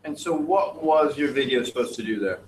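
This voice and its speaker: A man's voice: fairly high pitch, brisk, slight background noise. Wry male teacher in an echoey classroom. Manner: wry, joking asides while reading aloud. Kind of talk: classroom feedback on student work. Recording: echoey classroom, distant mic.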